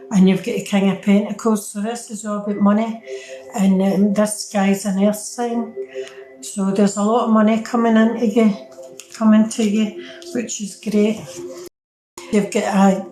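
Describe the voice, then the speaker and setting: A woman's voice: mid-range voice, dark tone. Chatty Scottish woman in an echoey room. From Scotland. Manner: chatty, talks to viewers, fumbles with the app. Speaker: tarot reader. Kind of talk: live-stream tarot reading. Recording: echoey room with faint ambient noise.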